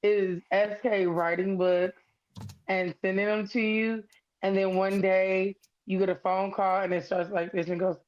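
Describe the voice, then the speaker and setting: A woman's voice: mid-range voice, steady tone, moderate pace, muffled recording. A woman chatting as the author's friend, teasing and playful as she tells stories. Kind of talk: casual chat, storytelling.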